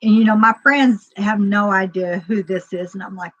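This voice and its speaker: A woman's voice: mid-range voice, steady tone, moderate pace. Woman rambling through a story, lo-fi. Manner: rambling, full of fillers and re-enacted dialogue. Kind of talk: casual spoken storytelling.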